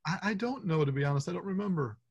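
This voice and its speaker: Man, host, fast and halting, husky voice, dull lo-fi call audio. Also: on the high side, animated, no room sound. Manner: hurried, halting, full of restarts. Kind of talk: casual chat on a video call. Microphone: video call.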